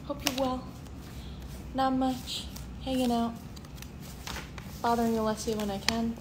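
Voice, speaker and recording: A woman's voice: a little high, fairly even intonation. A woman joining a friend's livestream as co-host, teasing and laughing. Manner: teasing, laughing, quick quips. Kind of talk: casual livestream chat. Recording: noisy home livestream audio.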